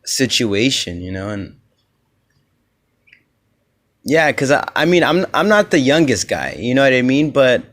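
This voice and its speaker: A man's voice: mid-range voice, very animated, measured pace, long pauses, fairly bright tone. A man from Los Angeles hosting a casual solo podcast, rambling loosely with lots of "you know"s. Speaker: podcast host.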